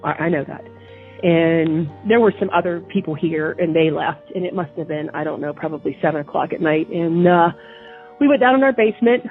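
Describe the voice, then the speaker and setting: A woman guest telling a personal story in an indignant way, often repeating herself and restarting. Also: on the low side. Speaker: interview guest recounting events. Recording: tinny phone line with faint music.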